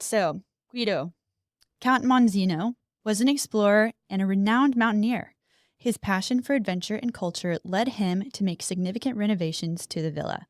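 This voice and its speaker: A woman's voice: medium pitch, dry recording, studio quality. A woman co-hosting a casual podcast, reading history notes aloud with chatty asides. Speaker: podcast co-host.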